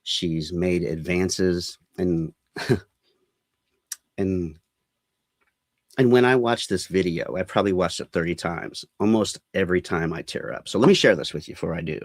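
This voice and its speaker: A man's voice: low-pitched, unhurried, dry recording, clean studio sound. A man hosting a podcast in a casual, earnest, rambling way with many fillers. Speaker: podcast host.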